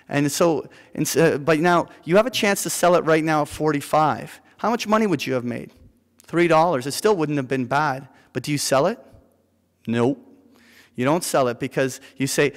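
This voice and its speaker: A man leading a live investing seminar in front of an audience, telling an animated story with many fillers and "right?" tag questions. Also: on the high side, normal speed. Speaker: seminar instructor. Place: lecture room with an audience. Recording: reverberant lecture hall.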